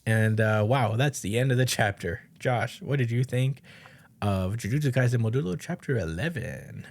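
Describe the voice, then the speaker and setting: A man's voice: medium pitch, animated, normal speed. A man co-hosting a podcast, casually recapping a manga chapter, laughing often and swearing offhandedly. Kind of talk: casual chat.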